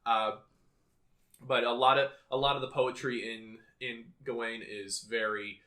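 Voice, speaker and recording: A man's voice: mid-range voice, little pitch movement, unhurried, sharp tone. A young man co-hosting a podcast in casual chat, bookish and rambling, often restarting his sentences. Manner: reads poetry aloud. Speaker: podcast co-host.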